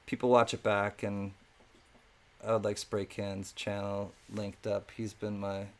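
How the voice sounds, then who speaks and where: A man's voice: fairly low pitch, level tone, unhurried. A man hosting a live-stream coin auction in a chatty, casual way, thanking viewers by name between calls.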